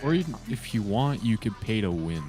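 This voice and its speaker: A player talking quietly about a fishing game with friends on a call, low-key and focused. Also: expressive, normal speed, soft background music. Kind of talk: casual gaming chat. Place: voice chat while gaming.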